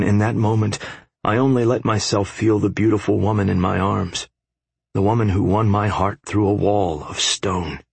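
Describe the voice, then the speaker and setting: Gravelly, very deep male narrator. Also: no room sound. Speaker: audiobook narrator. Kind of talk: first-person romance audiobook narration.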